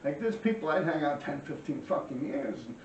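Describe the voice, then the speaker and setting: A man's voice: on the high side, animated, a little fast, a little hiss or hum. A man in his forties with a New York accent, telling rambling, profane street stories in casual vlog talk from a small apartment. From New York City. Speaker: vlog host. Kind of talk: casual storytelling. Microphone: camera across the room. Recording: roomy, distant, dull sound.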